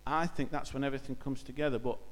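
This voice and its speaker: A man's voice: mid-range voice, steady tone, fast talker, in a large hall. A man giving an informal church talk, speaking conversationally and hesitantly with many fillers.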